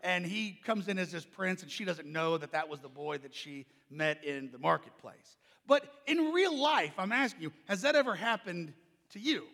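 Animated high-voiced male preacher, gravelly. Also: moderate pace, long reverb tail. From Oklahoma. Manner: animated storytelling, loud and carrying. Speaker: pastor. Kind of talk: sermon with personal story.

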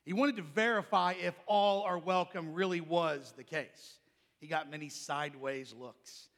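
Brief: male preacher, loud carrying delivery, lively storyteller, long church reverb. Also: on the high side, unhurried. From Oklahoma. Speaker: pastor. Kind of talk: sermon with personal story.

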